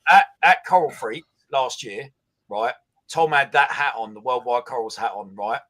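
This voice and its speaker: A man, co-hosting a casual chat and telling an animated story. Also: mid-range voice, moderate pace, rough recording. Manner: animated storytelling, laughing at his own tale. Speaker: co-host.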